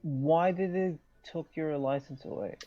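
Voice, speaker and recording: A man's voice: on the high side, measured pace, mellow, muffled recording, faint music behind. A man playing in a tabletop game who talks in an exasperated, swearing, playful way. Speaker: player.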